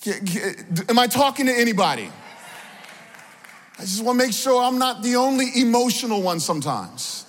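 A man's voice: extremely high pitch, sing-song, moderate pace, fairly bright tone, big-room sound. A man preaching a sermon as pastor, calling out to the congregation for responses and building in energy as he goes. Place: church sanctuary.

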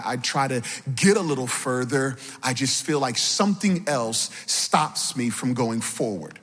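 A man's voice: medium pitch, a bit bright, big-room sound. A man preaching a sermon as pastor, calling out to the congregation for responses and building in energy as he goes. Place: church sanctuary.

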